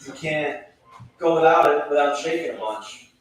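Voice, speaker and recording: A man doing a stand-up set at an open mic with dry, deadpan setups. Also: a little high, moderate pace, a little hiss or hum. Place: bar stage at an open mic. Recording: echoey room, taped from far off.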